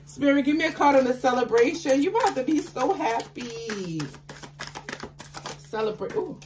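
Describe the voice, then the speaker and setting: A woman giving a tarot card reading to her viewers, chatty and affectionate, with excitable bursts of laughter and exclamations. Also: sits high, moderate pace. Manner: chatty, affectionate, calls listeners baby.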